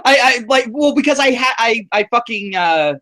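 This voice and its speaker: A man's voice: extremely high pitch, animated, moderate pace, bright, forceful tone. A man from the southern United States hosting a casual livestream chat over a call, joking and profane, with lots of stammered restarts. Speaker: YouTuber. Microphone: call microphone.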